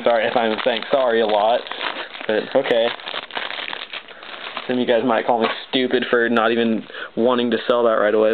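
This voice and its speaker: A man talks through opening card packs, excitable and stammering, often apologizing as he goes. His voice sits at an ordinary pitch for a man. The recording is thin and phone-like, with a loud hiss underneath. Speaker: card pack opener. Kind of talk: unboxing commentary.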